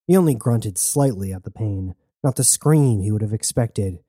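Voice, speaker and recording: This audiobook narrator, a man with a fairly low pitch, reads an action story at a moderate pace in a steady, even way. The scripted narration has clean studio sound with no echo.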